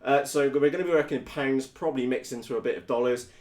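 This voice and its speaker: A British man from the United Kingdom hosting a live stream about his radio-controlled models, blunt, energetic and full of slang. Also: mid-range voice, fast talker, roomy sound. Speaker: RC hobby video host. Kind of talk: casual live-stream chat.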